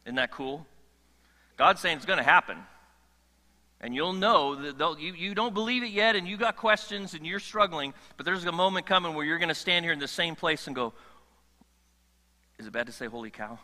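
A male pastor preaching a sermon in a large church hall, animated, with joking asides and frequent restarts mid-phrase. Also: fairly high pitch, fairly quick. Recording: long hall reverb.

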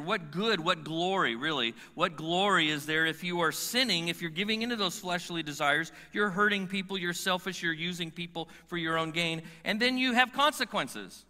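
A man's voice: fairly high pitch, pushed and bright. A man preaching a sermon as pastor, emphatic, firing rhetorical questions and stretching out key words. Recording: long reverb of a large hall.

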